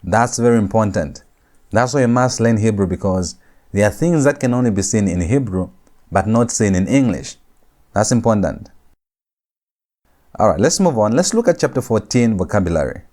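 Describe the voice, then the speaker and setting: A man teaching a Hebrew grammar lecture, repeating each phrase slowly and stressing key words for his students. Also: fairly low pitch, expressive, a little mellow. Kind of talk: recorded classroom lecture.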